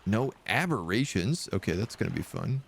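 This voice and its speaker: A man's voice: fairly low pitch, sing-song, normal speed, creaky. A man streaming a video game, commenting casually and joking as he thinks aloud.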